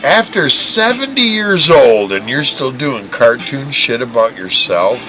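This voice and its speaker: A man's voice: medium pitch, big pitch swings, a little slow, pushed and bright, low-quality recording. A man hosting a livestream, ranting and mocking in a crude, profane way, often stammering and restarting. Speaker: livestream host. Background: music playing.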